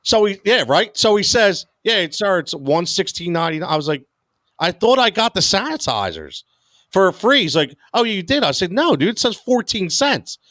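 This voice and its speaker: An American man co-hosting a casual podcast, telling stories in an animated, exasperated way. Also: high voice, normal speed, no echo. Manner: animated storyteller, exasperated rants. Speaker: podcast co-host. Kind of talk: casual sports podcast chat.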